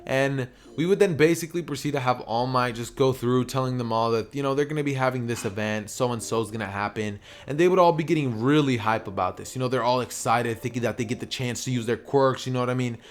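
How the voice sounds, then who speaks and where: A man's voice: mid-range voice, fast, few pauses. A young man telling an anime fan story in a casual, rambling way, full of "you know" and "basically". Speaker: YouTuber narrating fan fiction.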